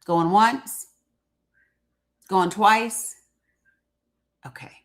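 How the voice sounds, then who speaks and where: A woman hosting a casual live stream, talking straight to her audience in a loose, chatty way. She laughs often and calls out to viewers as she goes. Her voice sits at an ordinary middle pitch. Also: extremely slow. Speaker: livestream host.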